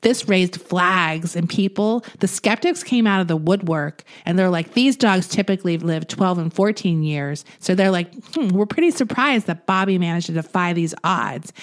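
A woman's voice: fairly low pitch, normal speed. A woman co-hosting a podcast, chatting casually and reading news stories aloud with running jokes and frequent giggles. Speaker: podcast co-host. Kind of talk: casual chat.

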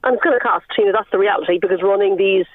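Fast-talking Irish woman on a phone line. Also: mid-range voice. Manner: earnest, rapid, lots of fillers and repeats. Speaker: veterinarian guest. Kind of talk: radio phone-in advice.

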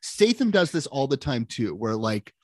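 A man's voice: mid-range voice, very animated, moderate pace, darkish tone, no room sound. A man co-hosting a casual film podcast, wry and opinionated, giving blunt takes. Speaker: podcast co-host.

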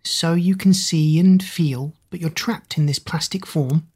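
In a storybook reading, a woman voices a spirited teenage girl who asks blunt, curious questions. Her voice is low, husky and darkish in tone, with an unhurried pace.

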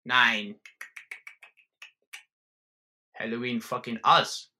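Man putting on a giant German metal bar owner, middle-aged, broken English, bellowing, bright tense tone. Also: medium pitch, flat delivery, unhurried. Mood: gruff.

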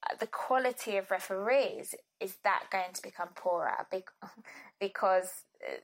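A woman's voice: medium pitch, measured pace. A woman, chatting casually about football and laughing often between thoughts. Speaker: co-host discussing football. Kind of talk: casual chat.

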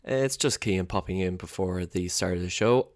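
A man's voice: low voice, moderate pace, noisy background. A man giving a short, apologetic and joking introduction to his podcast episode. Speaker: podcast host. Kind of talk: spoken show introduction.

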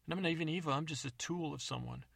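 A man's voice: fairly high pitch, racing, gravelly, a bit bright, slightly rough, no echo, voice pushed up, heavily acted. A man voicing a jittery evil cheese wheel. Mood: pleading. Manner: jittery, pleading. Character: nervous evil Swiss cheese wheel, male.

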